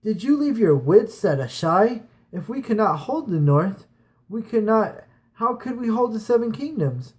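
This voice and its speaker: A defiant young woman captain fires mocking challenges in a raised, higher voice, as a man puts her on. She sounds louder and more pointed than the narration around her. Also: sing-song, measured pace. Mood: challenging.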